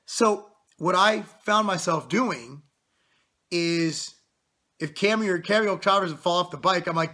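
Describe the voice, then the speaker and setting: 30s bodybuilder guy ranting at the camera, swears a lot, bright husky voice, kinda high. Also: measured pace. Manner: blunt, profane, intense pep talk. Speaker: fitness vlogger, bodybuilder. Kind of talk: motivational rant to camera.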